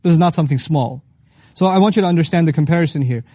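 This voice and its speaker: A man teaching a lesson on the Quran, earnestly rephrasing each phrase several ways and reciting Arabic verses quickly between his English explanations. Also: a little high, dark tone, no room sound, studio quality. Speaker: Quran teacher hosting a series.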